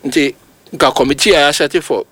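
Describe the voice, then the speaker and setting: At a moderate pace, a Ghanaian man discusses football as a pundit on sports radio, blending Twi and English. His manner is emphatic and animated, climbing into abrupt high outbursts.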